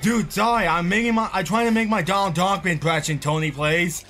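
A man's voice: high voice, brisk, noisy background. A man giving live gameplay commentary, raging and cursing, rambling with many fillers. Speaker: gamer.

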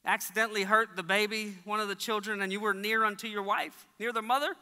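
A pastor preaches a sermon in a church sanctuary, telling stories and acting out their voices with big pitch jumps. His voice is bright, pushed and smooth, with fairly even intonation, and he talks fast. Long church hall reverb fills the recording.

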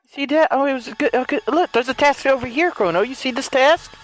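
A gaming YouTuber, a man, chatting excitedly and laughing with friends during a game, with sudden loud outbursts. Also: extremely high pitch, a little fast, very noisy. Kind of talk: casual gameplay chat.

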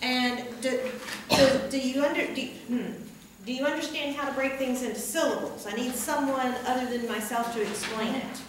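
A woman with a high voice teaches a class at an unhurried pace, patiently repeating each word and checking in with her students. She is recorded from the back of a classroom, so her voice comes from far off with strong echo. Steady room noise hums underneath. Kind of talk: classroom lecture.

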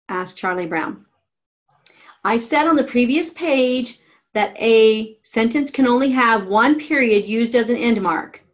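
Slow, methodical woman teaching grammar. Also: fairly high pitch, dull audio. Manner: slow, methodical step-by-step instruction. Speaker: writing teacher. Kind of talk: classroom grammar lesson.

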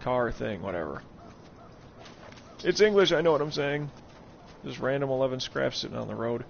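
A man casually commentating his gameplay on a live stream, profane and joking, talking from a warm room at home. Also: medium pitch, animated, moderate pace, gravelly. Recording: muffled stream audio over game noise.

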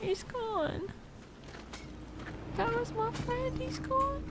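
A woman's voice: very high voice, drawn-out words, heavy background noise. A young woman streaming a video game, reacting emotionally and thinking aloud as she plays. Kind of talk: live gameplay commentary.

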